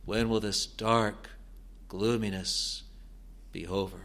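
Slow, deliberate male preacher. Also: on the low side, a bit bright. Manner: slow, deliberate, with earnest rising emphasis. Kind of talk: expository sermon.

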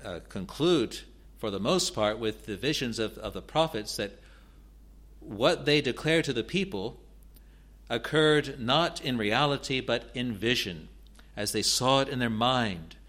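A man teaching through Bible verses in a halting way, often restarting and repeating words, and reading scripture passages aloud with rising emphasis. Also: mid-range voice, lively intonation, fairly bright tone.

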